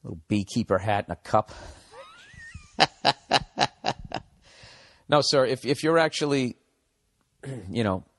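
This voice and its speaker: A man's voice: medium pitch, animated, slow pace, pauses often, fairly bright tone. A man in his forties from the United States, hosting a comedy podcast in a blunt, profane, ranting monologue, giving advice. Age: 40s. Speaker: podcast host.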